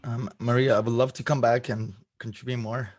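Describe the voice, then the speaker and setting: A man presenting to a group on a video call, hoarse from losing his voice, upbeat and laughing between points. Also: mid-range voice, little pitch movement, brisk, darkish tone, dry recording. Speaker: guest presenter.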